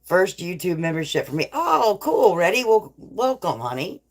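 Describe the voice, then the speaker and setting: A woman's voice: lowish voice, big pitch swings, moderate pace. A middle-aged woman hosting a casual live chat, laughing often and swearing freely as she reads viewers' comments. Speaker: livestream host.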